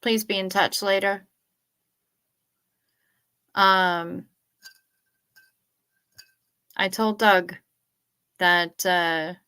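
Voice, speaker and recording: Chatty, bright-voiced woman streamer. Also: on the low side, clear, resonant tone. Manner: chatty, reads out viewer comments, swears casually. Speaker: livestream host. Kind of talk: casual late-night livestream chat.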